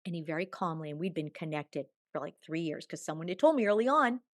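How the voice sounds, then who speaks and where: A woman guest telling a personal spiritual story in long, tumbling sentences, swinging from hushed murmurs to bright exclamations. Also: fairly low pitch, animated, quick pace, dry recording, clean studio sound. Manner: chatty, tumbling run-on sentences. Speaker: podcast guest.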